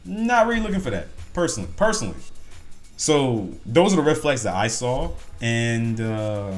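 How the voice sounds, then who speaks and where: A man rants through casual reaction commentary, his pitch leaping up and down as he rambles. He is blunt and swears freely. Faint music plays underneath. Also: big pitch swings, moderate pace. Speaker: reaction video host.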